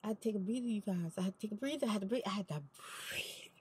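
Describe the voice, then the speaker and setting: A woman's voice: mid-range voice, racing, darkish tone, husky, low-quality recording. A middle-aged woman, telling an emphatic, exasperated storytime vlog from inside a parked car. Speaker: vlogger.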